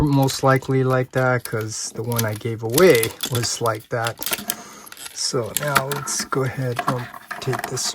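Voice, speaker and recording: Slow, hesitant man with background noise. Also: mid-range voice. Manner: unhurried, hesitant, chuckles often. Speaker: toy reviewer. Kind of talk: hands-on toy review, thinking aloud.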